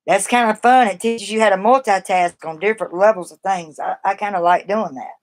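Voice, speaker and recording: A woman's voice: mid-range voice, fairly quick. A woman from the East Coast with a Southern accent, chatting casually and rambling on a live stream as she gives advice to her viewers.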